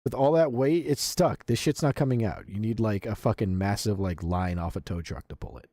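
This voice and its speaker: A man's voice: lowish voice, a little fast, warm tone, no room sound, studio quality. A man streaming live, reacting to videos with profane, incredulous commentary.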